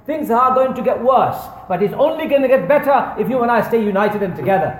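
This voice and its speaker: A man's voice: high voice, animated, brisk, a little hiss or hum. A man giving an earnest, storytelling charity appeal in a mosque. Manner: earnest storytelling, addressing brothers and sisters. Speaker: fundraising speaker at a mosque. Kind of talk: sermon-style charity appeal. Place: large echoey prayer hall. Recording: echoey hall with long reverb.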